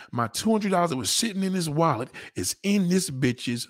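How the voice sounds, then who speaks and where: A man rants crudely in a comic monologue, swearing constantly and slipping into the voices of the people in his story. His voice is husky and a little rough. His pitch swoops up and down with lively energy. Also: normal speed, hardly any pauses. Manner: profane, animated, acts out voices. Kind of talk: crude stand-up style rant.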